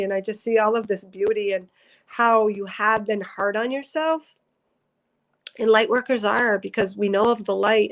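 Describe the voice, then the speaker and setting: Over poor audio, a woman with a medium-pitched voice gives a casual spiritual livestream reading as a psychic. She reads viewer comments earnestly and emotionally, teary, rambling and correcting herself as she goes.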